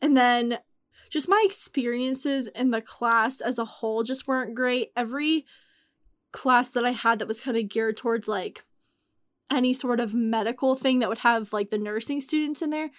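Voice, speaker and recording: A woman's voice: on the high side, normal speed, no echo. A young woman in her twenties chatting casually as a guest, using many fillers and close to tears as she talks. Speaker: guest telling her story. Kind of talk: casual podcast chat.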